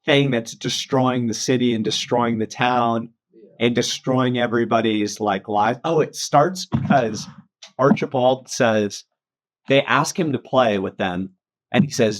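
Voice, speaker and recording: A man leading a casual Bible study, chatty and quick to laugh, filling his talk with "um" and "like". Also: medium pitch. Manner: chatty, laughs often, many fillers like "um" and "like".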